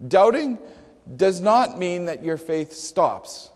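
High-voiced male pastor preaching. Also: very animated, slow pace, a little mellow. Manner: emphatic, rhetorical questions, dry humor. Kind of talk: sermon. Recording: long hall reverb.

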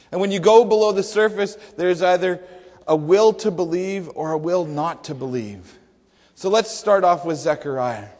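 High-voiced male pastor preaching. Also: a little mellow. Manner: emphatic, rhetorical questions, dry humor. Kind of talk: sermon. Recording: long hall reverb.

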